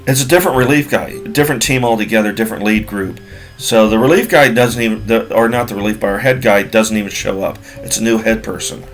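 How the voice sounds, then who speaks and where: A man's voice: on the low side, fast, faint music behind. A man in his forties telling a casual story from work in a rambling way, with many fillers and repeats. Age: 40s.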